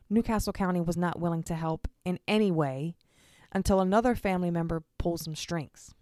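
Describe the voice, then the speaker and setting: A woman hosts a true crime podcast, narrating the case earnestly and directly while addressing her listeners. Her voice is fairly low in pitch, and the recording is dry.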